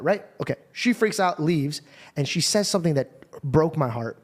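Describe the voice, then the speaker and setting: A man's voice: a little high, a little fast. A man hosting an interview, telling heartfelt stories in casual talk with frequent swearing. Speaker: podcast host.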